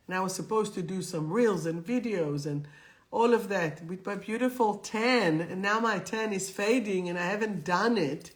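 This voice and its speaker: A woman's voice: medium pitch, normal speed. A middle-aged woman and spiritual teacher, chatting directly to viewers on a live stream and leading them in affirmations. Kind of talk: live-streamed guidance session.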